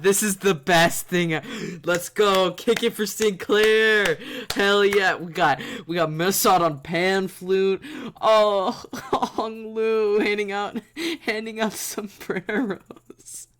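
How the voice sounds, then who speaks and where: A streamer giving live gameplay commentary, giddy and laughing constantly, with excited exclamations. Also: mid-range voice, slow, clear, resonant tone.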